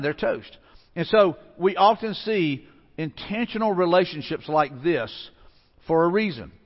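In a church sanctuary, a male pastor with a fairly high voice gives a conversational sermon, telling stories and often restarting his sentences. The sound is lo-fi and carries the echo of a big room.

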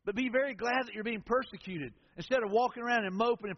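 High-voiced pastor preaching in a hall. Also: male voice, fast. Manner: folksy, conversational preaching with storytelling asides. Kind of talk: sermon. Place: church sanctuary with congregation. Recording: echoey hall, dull lo-fi sound.

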